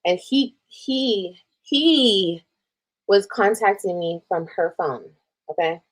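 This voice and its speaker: A woman from Texas talks straight to her viewers in a casual storytime livestream. She is candid and emotional, reads old messages aloud and swears freely. Her pitch sits in the middle for a woman. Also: expressive, takes it slowly. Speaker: streamer telling a personal story.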